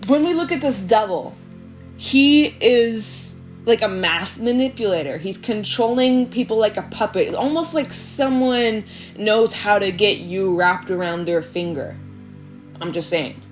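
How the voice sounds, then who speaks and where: Woman, tarot reader, casual chatty delivery, mid pitch, faint music bed. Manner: chatty, fillers like "y'all", laughs often. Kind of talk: casual tarot reading to camera. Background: soft background music.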